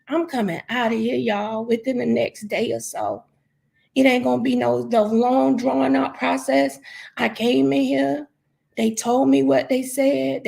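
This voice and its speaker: A woman's voice: a little high, vocal fry, a little mellow. A woman praying and encouraging live-stream viewers from a hospital room, in a fervent, repetitive preaching cadence.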